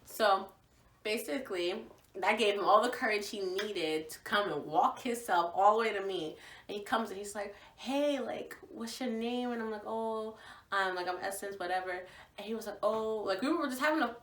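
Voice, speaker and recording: A young woman from Virginia, casually telling a story to the camera in an animated, gushing way, acting out what people said. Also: medium pitch, normal speed. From Virginia, USA. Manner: animated, gushing, acts out quotes. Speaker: vlogger. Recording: echoey room, voice from far off.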